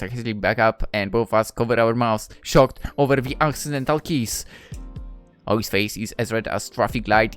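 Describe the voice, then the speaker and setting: A man narrating a first-person story in an expressive, conversational reading style. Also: mid-range voice, smooth.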